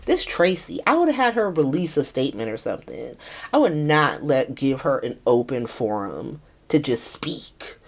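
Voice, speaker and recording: A woman's voice: extremely low pitch, normal speed. A woman hosting a casual soap opera recap, talking in a profane, slangy way. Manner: profane, slangy, animated retelling.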